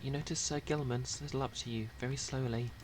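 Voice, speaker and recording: A man's voice: mid-range voice, fairly even intonation, fairly quick. Casual, wry male streamer reading game text aloud over background noise.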